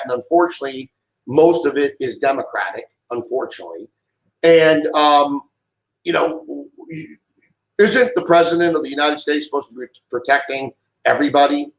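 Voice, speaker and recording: A man's voice: on the high side, reverberant, rough recording. A middle-aged man delivering an impassioned monologue, heated and emphatic, often repeating himself. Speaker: vlogger giving a political rant.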